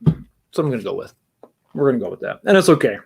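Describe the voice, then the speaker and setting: A man's voice: mid-range voice, big pitch swings, fast talker, creaky, husky. A man hosting a casual livestream talk show, rambling with many restarts and greeting viewers in the chat.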